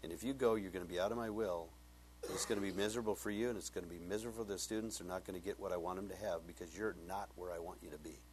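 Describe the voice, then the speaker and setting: A man preaching as a pastor, telling a personal story with lively acted-out dialogue that swings up high when he gets excited. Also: very fast, background noise. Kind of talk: sermon with storytelling.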